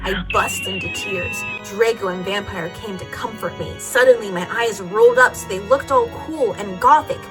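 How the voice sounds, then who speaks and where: A woman's voice: medium pitch, expressive, normal speed, hardly any pauses, music in the background. A woman reading a fanfic aloud for comedy, playing it over the top and now and then laughing at the text. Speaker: reader.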